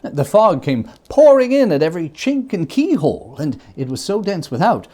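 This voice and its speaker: A man giving a dramatic reading of a classic novel, telling it with an expressive, varied storytelling delivery. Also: high-pitched, moderate pace. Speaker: reader.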